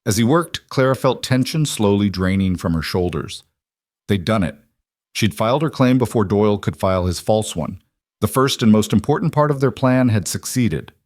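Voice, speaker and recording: A man giving scripted, measured narration of a western story. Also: on the low side, expressive, darkish tone, no echo, studio quality.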